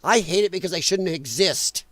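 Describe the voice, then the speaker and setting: A middle-aged man hosts a casual political livestream from home, his voice fairly bright and pitched high for a man, at a moderate pace. He rants angrily and emphatically, filling every point with profanity. The recording is dry and close, with no room sound.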